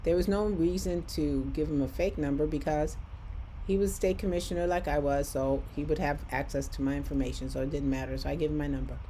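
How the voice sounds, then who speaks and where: A woman's voice: deep voice, mellow, slight background noise. A woman from Michigan telling a personal story in a vlog, acting out both sides of a conversation.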